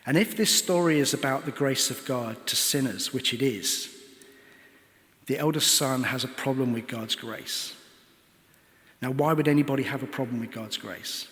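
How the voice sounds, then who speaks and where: A man's voice: mid-range voice, moderate pace, a bit bright. Man preaching a sermon in a reverberant church. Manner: earnest storytelling, poses rhetorical questions.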